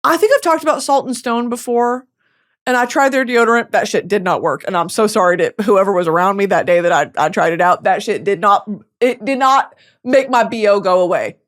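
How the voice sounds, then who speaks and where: A woman's voice: medium pitch, brisk. A young woman, hosting a podcast in a casual comedic monologue full of swearing and dramatic asides. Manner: chatty, swearing, dramatic asides, mock voices. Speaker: podcast host.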